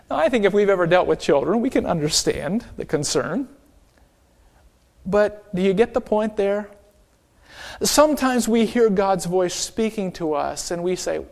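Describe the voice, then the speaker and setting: A man's voice: high voice, lively intonation, a little slow, creaky, darkish tone. A male pastor preaching an emphatic sermon and calling out for an amen.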